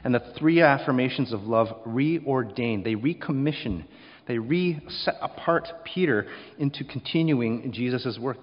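A man preaching a sermon, rising to loud emphasis and then dropping quiet, often acting out short quotes. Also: mid-range voice, lively intonation, measured pace, long reverb tail, dull audio. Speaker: pastor.

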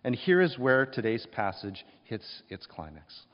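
Male preacher, emphatic storyteller, mid pitch. Dull recording with long reverb. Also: sing-song, unhurried. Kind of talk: sermon.

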